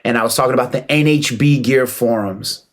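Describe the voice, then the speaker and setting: A man giving a casual, emphatic opinion monologue, preaching and calling out to listeners with rhetorical questions and shout-outs. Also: medium pitch, brisk. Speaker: martial arts commentator.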